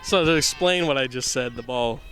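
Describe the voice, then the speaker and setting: A man from the Boston area giving casual play-by-play commentary at a softball game outdoors, full of rambling, self-deprecating jokes. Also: mid-range voice, normal speed, faint music behind.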